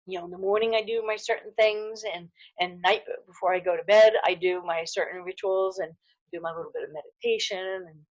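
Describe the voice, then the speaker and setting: A woman's voice: lowish voice, fairly even intonation, fairly quick, no room sound, lo-fi sound. A middle-aged woman giving a casual, heartfelt wellness talk to camera, earnest and full of fillers and restarts. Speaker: holistic dental hygienist.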